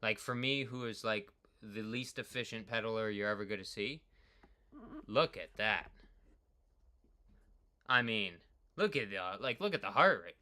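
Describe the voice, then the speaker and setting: A man casually rambling through his own workout data, excitable and full of "like", swinging between hype and low mutters. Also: a little slow, long pauses. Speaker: cyclist streamer reviewing his workout.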